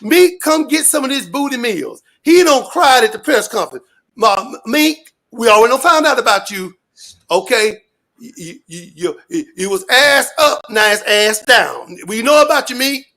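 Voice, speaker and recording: A man ranting loudly and profanely in street slang, rambling and repeating his catchphrases. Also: extremely high pitch, expressive, moderate pace. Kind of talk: animated rant to an interviewer.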